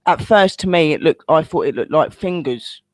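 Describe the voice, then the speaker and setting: A woman's voice: low-pitched, moderate pace, rough recording. A woman talks to her live-stream audience as she runs a ghost hunt from her home. She chats loosely and keeps calling the viewers "guys", like a team leader showing them around. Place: at home indoors.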